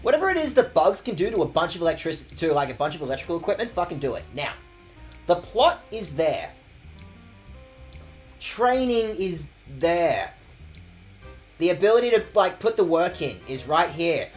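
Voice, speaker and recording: A man's voice: a little high, sing-song, normal speed, pauses often, soft background music. A man streaming a game with sweary, jokey commentary. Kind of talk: casual gaming commentary.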